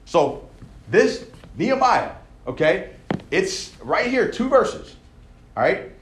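In an echoey church auditorium, a man with a high, sing-song voice preaches a sermon, taking it slowly over a little hiss or hum. He keeps it conversational, tagging lines with "right?" to check in with the crowd, and builds his points through repeated phrases.

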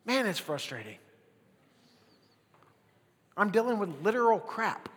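A young adult man preaching a casual sermon as pastor, swinging between loud bursts and near-whispers. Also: high voice, sing-song, a little slow, long reverb tail, slight background noise.

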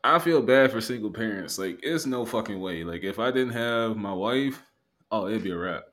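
A man's voice: lowish voice, lively intonation, normal speed, a bit bright. A man co-hosting a podcast in loose, profane casual chat, laughing often. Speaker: podcast co-host.

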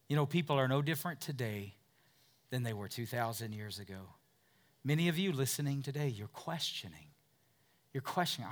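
A man's voice: fairly high pitch, expressive, moderate pace, sharp tone. A man pastor preaching a sermon, emphatic, acting out quotes from listeners and scribes.

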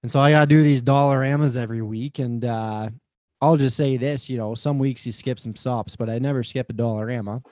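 A man as a podcast guest, swearing freely while he tells an animated story about his job. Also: medium pitch, fairly quick, dry recording. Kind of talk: casual podcast chat.

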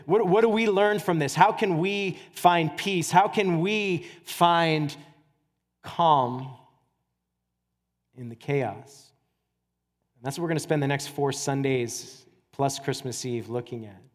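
A man pastor preaching a sermon in a conversational, animated way, with casual asides. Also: on the high side, slow pace. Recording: church hall reverb.

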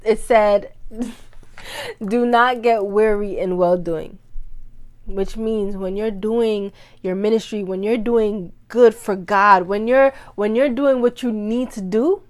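A woman's voice: on the high side, takes it slowly. A woman hosting a ministry podcast, preaching in a fervent, casual way, repeating phrases for emphasis and talking straight to her listeners. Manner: talks straight to listeners, calls them "y'all". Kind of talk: casual devotional teaching.

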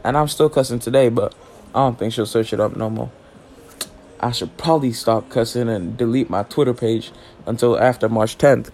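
Slight background noise accompanies this teenage boy in his late teens, whose mid-range voice is a little mellow. Alone on his casual podcast, he rambles, jokes, swears a lot and leans on heavy slang.

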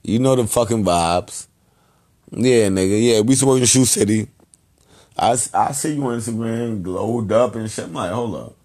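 A man hosting a podcast, giving loose, rambling shout-outs in heavy slang and profanity. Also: lowish voice, normal speed. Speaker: podcast host.

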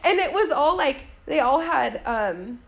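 A young woman chats as co-host of a casual podcast. Her voice sits high, and she talks in animated bursts, laughing through her stories. She swears freely and easily. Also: a little slow, vocal fry. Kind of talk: casual chat.

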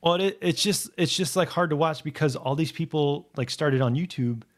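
A man's voice: fairly high pitch, normal speed. A man co-hosting a podcast, chatting casually and telling rambling, laid-back stories full of "like" and swearing. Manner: rambling, laid-back storytelling with frequent "like" and profanity. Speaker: podcast co-host. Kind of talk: casual chat.

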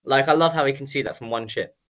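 A man's voice: mid-range voice, quick pace, fairly bright tone. A tired young man from the UK co-hosting a casual podcast, joking and rambling with swears. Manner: jokey, rambling, swears, mock announcer bits. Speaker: podcast co-host. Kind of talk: casual chat.

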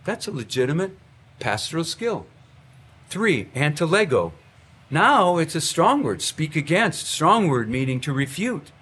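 A pastor teaching a class of pastors in a lively lecture style, with frequent fillers and restarts. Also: male voice, fairly high pitch, unhurried, slightly rough.

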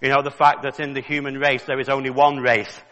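Male preacher, fervent and insistent, bright raised voice, long hall reverb. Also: mid-range voice, flat delivery, fairly quick, lo-fi sound, slight background noise. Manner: fervent, rising to emphatic questions. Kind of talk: sermon.

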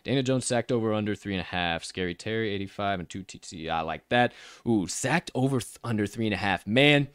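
A man hosting a casual sports betting show, hyping his picks, swearing freely, and swinging loud and soft. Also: lively intonation, fairly quick, smooth, no room sound, studio quality. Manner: hype-filled, swearing, big swings in pitch and volume.

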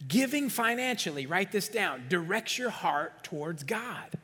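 A man's voice: high-pitched, big pitch swings, unhurried, pushed and bright, slightly rough. A middle-aged man preaching a sermon as pastor, emphatic, calling for amens and acting out the excuses of doubters. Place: church sanctuary. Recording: long hall reverb.

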